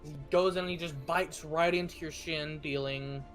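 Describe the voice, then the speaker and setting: A man's slightly high voice runs at normal speed with fairly even intonation, heard over music. He's the game master of a tabletop game, narrating the action with lots of fillers and restarts.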